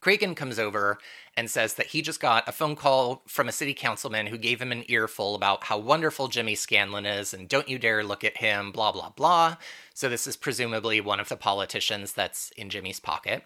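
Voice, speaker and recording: A man hosts a casual podcast, walking through a TV episode scene by scene. His voice is very bright and cutting, and he keeps dropping wry jokes and asides as he goes. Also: fairly low pitch, fairly quick. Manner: wry, joking recap with bursts of laughter. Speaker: podcast host recapping a TV episode. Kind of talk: casual chat.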